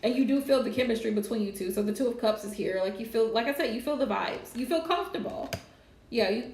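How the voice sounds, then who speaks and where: A woman's voice: fairly high pitch, darkish tone, echoey room, a little hiss or hum. A woman doing a live tarot reading, chatty and casual, laughing often. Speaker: tarot reader.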